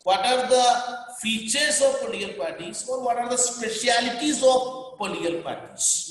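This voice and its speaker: A man's voice: very high-pitched, normal speed, fairly bright tone. A man with an Indian English accent teaching a class, repeating key points emphatically and dictating what students should underline. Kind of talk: classroom lecture. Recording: very echoey hall, reverberant.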